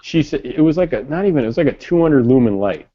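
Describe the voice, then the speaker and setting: A man's voice: mid-range voice, lively intonation, quick pace. A man telling rambling stories in casual chat, laid-back and full of slang. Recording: dull lo-fi audio.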